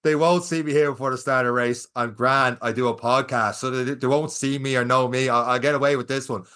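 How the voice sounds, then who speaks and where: A man's voice: mid-range voice, a little fast, clear, resonant tone. A young Irish man co-hosting a podcast, telling a race story in casual chat and acting out what people said. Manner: animated storyteller, acts out quotes. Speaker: podcast co-host.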